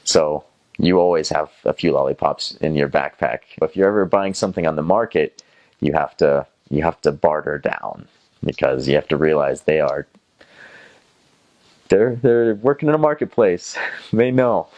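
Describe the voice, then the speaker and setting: Deep-voiced Southern American young man. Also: moderate pace, dull audio. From North Carolina, USA. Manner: rambling with many fillers and restarts, mimics voices. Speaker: former missionary. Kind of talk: casual first-person storytelling.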